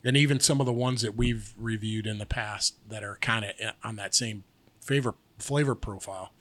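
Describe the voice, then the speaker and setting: A man's voice: fairly low pitch, normal speed, a bit bright. A man co-hosting a podcast in rambling, sarcastic casual chat. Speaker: podcast co-host.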